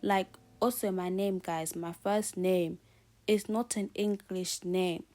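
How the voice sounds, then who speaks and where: A woman's voice: fairly low pitch, fairly even intonation, slow, mellow. A young woman from Zimbabwe, talking casually and openly as a vlogger, with many "like"s, and addressing her viewers as guys. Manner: casual, fills speech with "like" and talks straight to "guys". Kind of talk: candid personal storytelling. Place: at home, doing her makeup.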